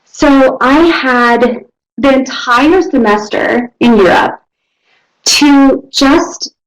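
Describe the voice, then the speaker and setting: Young woman sharing her faith story, kinda high voice, earnest, stops and restarts a lot, a bit teary. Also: poor audio. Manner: earnest, halting, restarts often. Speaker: school technical staff. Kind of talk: personal testimony talk.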